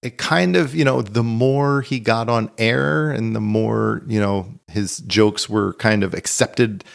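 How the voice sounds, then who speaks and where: A man co-hosting a podcast in an easygoing chat. His voice sits a little low, and he rambles his way through anecdotes with many fillers and restarts. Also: fairly even intonation, slow pace, gravelly. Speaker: podcast co-host.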